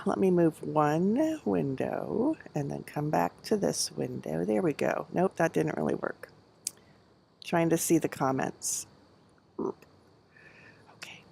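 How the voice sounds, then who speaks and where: A middle-aged woman chats on her home livestream through a headset, rambling from one thought to the next with plenty of fillers and easy laughs. Her voice sits a little low. The sound is close and dry, with no room echo. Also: vocal fry, fairly bright tone. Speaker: knitting livestream host. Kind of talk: casual chat.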